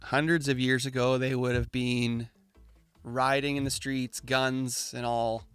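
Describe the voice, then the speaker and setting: A man's voice: medium pitch, flat delivery, unhurried, a bit bright, clean tone, no room sound, faint music behind. A man hosting a casual, opinionated chat, ranting in slang and mocking the voices of the people he quotes. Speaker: crypto channel host.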